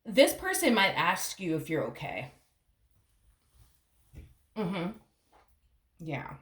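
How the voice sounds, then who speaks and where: Brief: casual tarot reader, woman, rambling and profane, lower pitch, echoey room. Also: huge pitch swings, takes it slowly, a bit bright. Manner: rambling, chatty, calls the viewer honey, swears casually. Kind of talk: casual tarot reading to camera.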